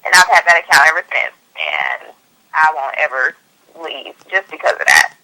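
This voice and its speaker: Woman podcast host, slangy and laughing, bright and animated. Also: sits low, normal speed, low-quality recording. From US West Coast. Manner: loose, slangy and laughing, with many fillers. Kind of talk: casual chat.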